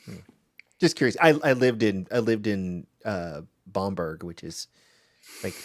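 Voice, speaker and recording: Brief: man, lower voice, dry close sound, friendly chatter full of quick yeahs. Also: expressive, no room sound. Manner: chummy, quick agreeing interjections. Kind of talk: casual chat.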